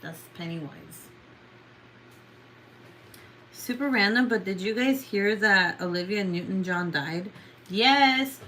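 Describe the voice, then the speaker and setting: A woman's voice: mid-range voice, animated, slow pace, pauses often, fairly bright tone, slight background noise, low-quality recording. A tired young woman chatting casually in a late-night livestream, rambling and swearing with lots of fillers. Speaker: vlogger.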